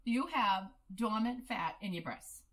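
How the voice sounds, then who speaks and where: A woman in her thirties, chatting casually as a podcast co-host, explaining facts and telling lively stories. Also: medium pitch, measured pace. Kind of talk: casual chat.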